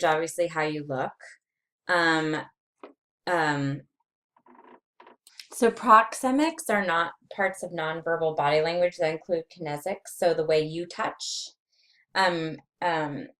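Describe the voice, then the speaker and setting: A woman lecturing nursing students, reading through slide points with frequent fillers and pauses. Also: deep voice. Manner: reads slide points aloud with many fillers. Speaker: nursing instructor. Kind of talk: recorded lecture.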